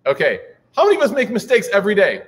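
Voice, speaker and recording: Man, 30s, preacher, humorous talk, joking asides, fairly high pitch, reverberant hall. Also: wildly swooping pitch, racing. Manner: chatty, joking asides, many likes and you knows. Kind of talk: humorous religious talk to an audience.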